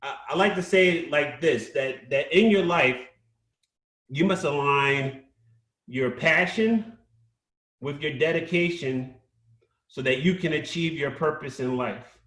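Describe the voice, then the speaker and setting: Speaking on a community stage at a live event, a middle-aged storyteller with a slightly high, somewhat bright voice gives a fervent, preacher-style motivational talk, repeating phrases to drive points home. The stage sound is echoey.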